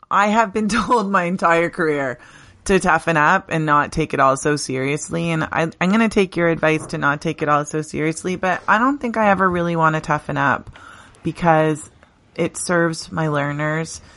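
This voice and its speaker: Low-voiced earnest teacher woman. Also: moderate pace, fairly bright tone, no room sound. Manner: earnest and heartfelt, laughs often. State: briefly tearful. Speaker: teacher, podcast guest. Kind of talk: conversational interview.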